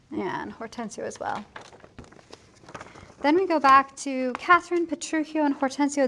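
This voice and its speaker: A woman teacher gives her class a chatty, joking plot summary. Her voice sits fairly high and she talks slowly, dropping into quick character voices. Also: a bit bright. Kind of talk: casual plot summary for students.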